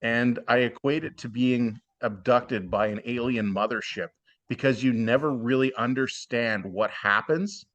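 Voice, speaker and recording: A man's voice: medium pitch, measured pace, a bit bright, highs cut off. A man giving blunt, plainspoken advice as a guest in a casual podcast interview. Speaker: podcast guest, former cooking show contestant.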